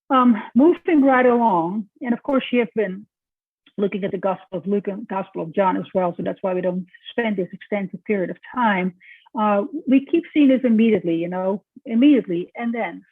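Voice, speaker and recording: A woman's voice: medium pitch, husky, no echo. A woman lecturing to students in a conversational way, with frequent restarts and check-ins. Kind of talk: recorded lecture. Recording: tinny, phone-like dry recording.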